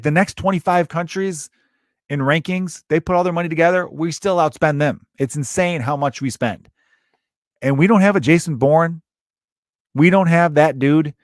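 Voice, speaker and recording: A man's voice: mid-range voice, no echo, clean studio sound. A man hosting a podcast, telling rambling stories in a casual comedic monologue with plenty of swearing. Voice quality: rambling, profane, animated storytelling. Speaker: podcast host.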